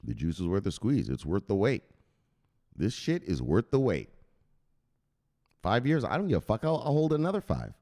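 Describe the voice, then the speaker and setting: Blunt, animated man hosting crypto talk. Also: fairly low pitch, normal speed, pauses often. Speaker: crypto news host. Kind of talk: casual vlog commentary.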